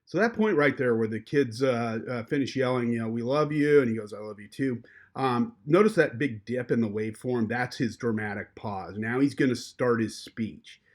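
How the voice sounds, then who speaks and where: A man gives a screen-recorded audio editing lesson at a mid pitch, talking in a loose, easygoing way. He leans on lots of fillers and restarts as he walks through each step for his students. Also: moderate pace, hardly any pauses. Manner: relaxed, with frequent fillers. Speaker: journalism instructor. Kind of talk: screen-recorded software tutorial.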